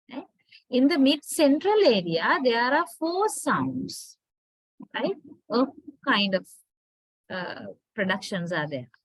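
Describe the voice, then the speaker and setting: A Sri Lankan woman with a Sri Lankan English accent gives a patient lecture to her students. Her voice sits slightly high and sounds close and dry, with no room around it. She explains step by step and keeps checking in with "right?". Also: dry recording, poor audio. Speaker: university lecturer. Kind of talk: classroom lecture.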